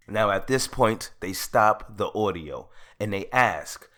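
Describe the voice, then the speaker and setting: A man's voice: on the low side, animated, slow, hardly any pauses, fairly bright tone. A male commentator casually recapping court testimony, reading quotes aloud and acting them out. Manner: reads quotes and acts them out.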